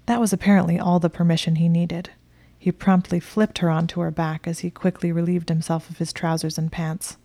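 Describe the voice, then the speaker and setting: A woman narrating a romance story in whispered role-play, hushed and breathy. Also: fairly low pitch, flat delivery, fairly quick, no echo.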